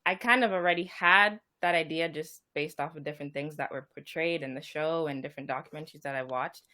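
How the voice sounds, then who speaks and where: Deep-voiced lady cohosting a chill chat, thoughtful, kinda measured. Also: bright, forceful tone. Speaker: podcast co-host. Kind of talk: casual chat.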